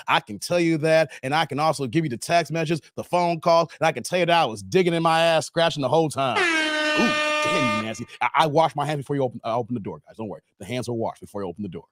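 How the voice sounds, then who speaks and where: This Chicago-area livestream host, a man in his forties from the United States, sounds quick, very animated, and a bit bright, with a slightly high pitch. His casual banter is slangy, emphatic, and full of jokes and laughter.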